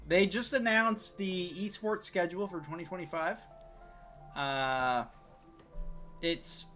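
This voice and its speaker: Male podcast co-host, bright and very lively delivery, loud bursts, mumbled tails, casual swearing. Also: a little high. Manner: animated, swings from loud to mumbled trailing words; laughs often, swears casually. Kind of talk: casual chat.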